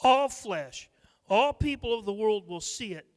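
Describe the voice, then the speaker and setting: A man's voice: sits high, lively intonation, measured pace. A man with a Midwestern American accent, a pastor teaching a Bible study, reading scripture aloud and explaining it with humorous asides. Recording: reverberant church sanctuary.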